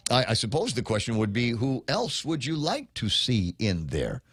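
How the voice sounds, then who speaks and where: Man, radio talk show host, casual rambling delivery, middle pitch, dry close sound. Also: huge pitch swings, normal speed, a bit bright, dry recording. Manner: rambling, with many fillers and restarts, reads listener comments. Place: radio studio.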